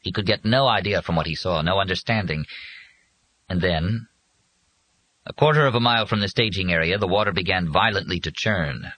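A man narrating an audiobook in an expressive, measured way. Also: low-pitched, no room sound, low-quality recording.

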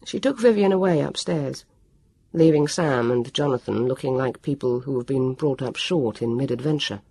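A woman narrating a children's novel with expressive storytelling. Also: a bass voice, normal speed, creaky, breathy edge, dry recording. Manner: expressive storytelling, character voices. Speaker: audiobook narrator. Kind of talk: scripted narration.

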